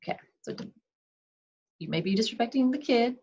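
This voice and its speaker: A woman's voice: fairly high pitch, expressive, fairly quick, a little mellow, a little hiss or hum. Woman, parenting advice talk, conversational, muffled lo-fi sound. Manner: conversational, frequent "okay", acts out parent and kid lines. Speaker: parenting advisor. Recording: dull lo-fi recording.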